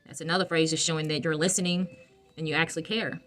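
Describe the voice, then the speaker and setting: A woman talking casually to her viewers, soft-spoken and reflective, with many fillers and restarts. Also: deep voice, fairly even intonation, fast, a little hiss or hum. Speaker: vlogger giving emotional wellness advice. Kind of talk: casual reflective talk to camera.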